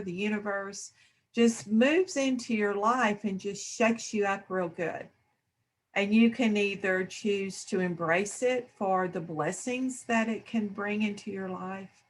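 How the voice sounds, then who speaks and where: A woman speaking in a reflective spiritual discussion, slow and thoughtful. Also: mid-range voice. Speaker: discussion panelist.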